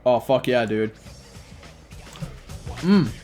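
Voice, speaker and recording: A man's voice: medium pitch, lively intonation, drawn-out words, mellow, faint music behind. A young man reading fan fiction aloud as host, breaking off for sarcastic, profane asides that mock the text.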